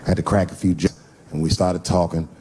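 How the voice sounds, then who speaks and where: A middle-aged man from the United States telling a long stand-up story to a live audience, jumping into high squealing voices for his characters. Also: level tone, fast, mellow. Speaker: stand-up comedian. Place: large live venue with laughing audience. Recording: noisy live stage recording.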